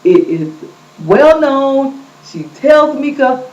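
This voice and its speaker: A woman's voice: a little high, drawn-out words. A woman host giving a casual, gossipy recap and acting out what people said. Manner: animated, gossipy, quotes people in lively voices. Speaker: vlog host recapping a reality show. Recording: echoey, distant, dull lo-fi sound.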